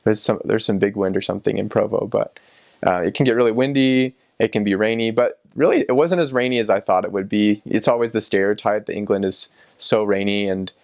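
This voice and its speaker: A young man talks in an easygoing, meandering way, with a lot of ums and false starts. His voice sits a little low, and the recording is dry and close, with no room sound. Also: vocal fry, no room sound. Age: young adult. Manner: relaxed and rambling, many ums and restarts, chuckles often. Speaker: returned missionary. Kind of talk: casual personal recollection.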